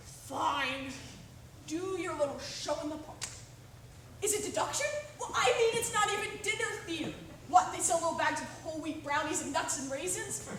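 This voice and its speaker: A woman playing a brash male Hollywood agent, high and distant. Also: fairly bright tone. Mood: wheedling. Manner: brash, wheedling, rapid-fire sales patter. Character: fast-talking pushy male Hollywood agent. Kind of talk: amateur stage play. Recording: distant echoey stage recording with hiss.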